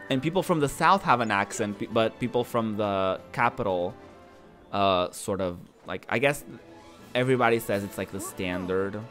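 A man's voice: fairly low pitch, fairly bright tone. A man from northern Portugal, chatting casually and rambling while he streams a game, often repeating his words. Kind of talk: casual chat while gaming.

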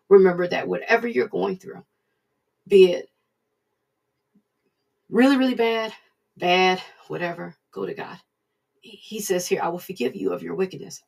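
A woman preaching in a plain, conversational way, speaking straight to her listeners. Her voice is gravelly and husky. She sounds a little distant from the microphone. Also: on the low side, a little mellow. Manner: plain-spoken, conversational, addresses listeners directly. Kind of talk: informal recorded sermon.

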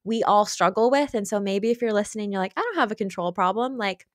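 A woman's voice: mid-range voice, lively intonation, quick pace, no room sound, studio quality. A woman speaking earnestly and openly as a guest in an interview, with light laughs between thoughts. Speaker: podcast guest, author. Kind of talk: candid conversational interview.

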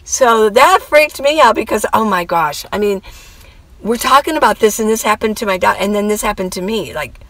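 Chatty middle-aged woman with a gravelly voice. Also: medium pitch, normal speed, a bit bright, no echo, rough recording. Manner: rambling, chatty, full of asides and quoted dialogue. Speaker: vlogger. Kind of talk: casual storytelling vlog.

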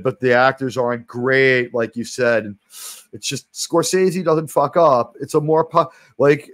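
A man's voice: medium pitch, no echo. A man from New York City hosting a stream, chatting casually about movies, rambling with many restarts and the odd swear word. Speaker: stream host.

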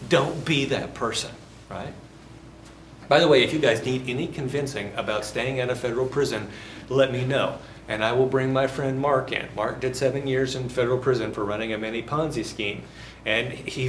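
A man teaching a class, throwing questions to the room and slipping in jokes as he explains. His voice sits at an ordinary middle pitch and echoes around the classroom, with faint noise underneath. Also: moderate pace. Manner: asks the class questions and jokes between points. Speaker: university instructor. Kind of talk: classroom lecture.

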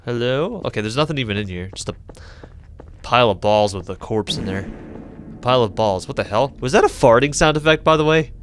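A young man doing let's-play commentary on a horror game, joking and swearing, with sudden high yelps when startled. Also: lively intonation, fairly quick, slight background noise. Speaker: gaming YouTuber.

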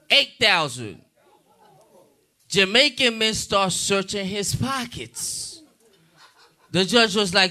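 A man's voice: high voice, lively intonation, takes it slowly, sharp tone. A man doing a stand-up comedy set at a club, joking loosely and talking back to the crowd.

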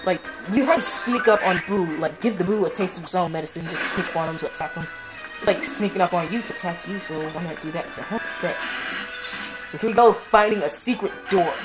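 A woman's voice: lowish voice, fast. Rambling woman commenting on a game. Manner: rambling, many fillers. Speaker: let's play commentator. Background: game music.

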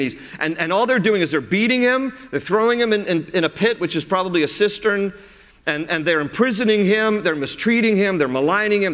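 Earnest pastor preaching in a reverberant sanctuary. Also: male voice, mid-range voice, a bit bright. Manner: earnest, conversational preaching that rises into impassioned emphasis. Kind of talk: sermon. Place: large church sanctuary. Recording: long hall reverb from sanctuary.

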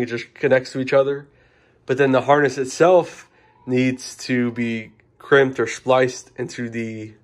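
Young adult male, informal DIY explainer, chatty and rambling, mid pitch. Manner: rambling, informal, self-correcting. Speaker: car audio DIY reviewer. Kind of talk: casual how-to explanation.

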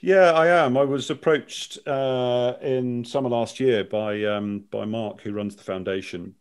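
A man talking as a podcast guest, animated and emphatic, restarting his sentences often. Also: medium pitch, a little slow, clear, resonant tone. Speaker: guest broadcaster. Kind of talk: casual podcast conversation.

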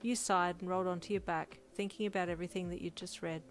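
Woman reading a fan fiction story, steady narration, lowish voice, soft music underneath. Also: quick pace. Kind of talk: second-person story narration. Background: faint music.

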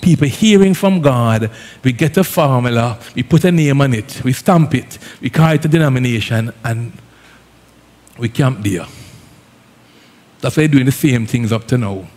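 A man with an Antiguan accent preaching a sermon as a pastor, lively and conversational, with Caribbean phrasing. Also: medium pitch, moderate pace. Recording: long hall reverb.

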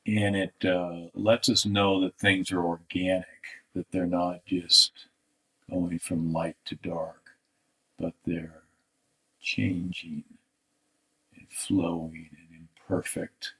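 A male art instructor giving a live drawing critique, thoughtful and halting, often trailing off into soft mutters. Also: low-pitched, level tone, poor audio.

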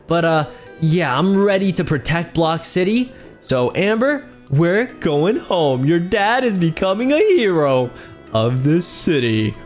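A man playing a would-be hero dad in a Minecraft role-play, excitable and jumpy, exclaiming often. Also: on the high side, measured pace, soft background music. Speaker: YouTube gamer in role-play.

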